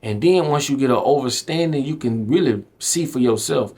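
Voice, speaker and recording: A man's voice: mid-range voice, normal speed, hardly any pauses, dark tone. A man, from Belle Glade, giving impassioned direct-to-camera commentary as a vlogger. He talks in an emphatic, preachy way, full of slang, and keeps calling the viewer bro and man. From Belle Glade, Florida.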